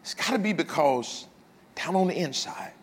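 An older pastor with a high, ringing voice preaches a sermon in a long-echoing hall. He swings between loud, emphatic lines and hushed ones, and drops in humorous asides to the congregation. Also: animated, normal speed, slight background noise. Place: church.

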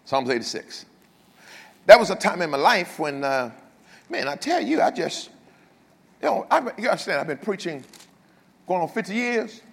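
An older pastor with a high, ringing voice preaches a sermon in a long-echoing hall. He swings between loud, emphatic lines and hushed ones, and drops in humorous asides to the congregation. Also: sing-song, moderate pace, creaky, long pauses, husky. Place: church.

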